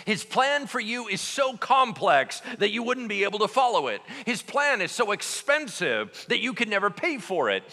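Lively, questioning sermon delivery from a male pastor, with a bright, ringing voice that swoops up and down. He speaks from a church hall, and a long reverb hangs after every phrase. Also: high voice, moderate pace, few pauses. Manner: animated, conversational preaching, asks the congregation questions.

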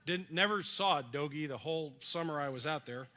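A middle-aged man preaching a sermon, telling personal stories earnestly and dropping to a soft voice for words of comfort. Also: on the high side, fairly quick. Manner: earnest storytelling, drops soft for quoted comfort. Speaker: pastor.

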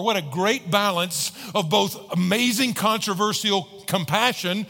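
A man preaching a sermon to a large congregation, animated, often acting out voices and joking with the crowd. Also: high voice, a little slow, hardly any pauses. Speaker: pastor. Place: large church hall with about fifteen hundred people. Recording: long hall reverb.

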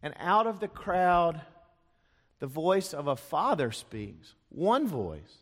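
A pastor delivers a sermon, his voice fairly high and very animated as he moves slowly through the story. He tells it dramatically and acts out the voices of its characters. The church sanctuary gives the recording a long, hall-like reverb.

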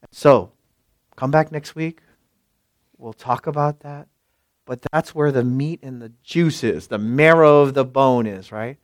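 A pastor preaching a sermon and leading a closing prayer, swinging from loud exclamations to hushed asides. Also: male voice, mid-range voice, slow, no room sound.

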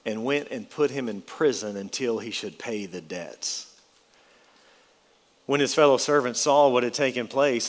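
Guy preaching a sermon, gets loud then drops low, echoey church hall. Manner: expository, emphatic, rising and falling dramatically.

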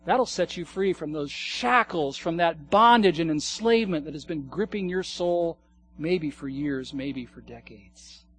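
A man preaching a sermon as pastor, earnest, swinging from hushed asides to emphatic declarations. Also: a little high, a little slow, faint music behind.

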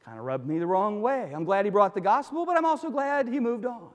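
Male pastor, high-pitched and animated, sermon with joking stories, hall echo. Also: a little fast. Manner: animated storytelling with joking asides.

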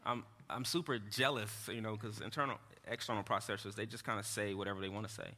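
Earnest male pastor with a bright voice. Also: fairly low pitch, fairly even intonation. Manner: earnest, halting, with repeated restarts and asides to the congregation. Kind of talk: sermon. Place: church hall. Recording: echoey hall.

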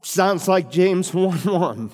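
A middle-aged male pastor preaching a sermon with emphatic rises on key words and deliberate slowing. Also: high-pitched, lively intonation, darkish tone. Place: church sanctuary. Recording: long hall reverb.

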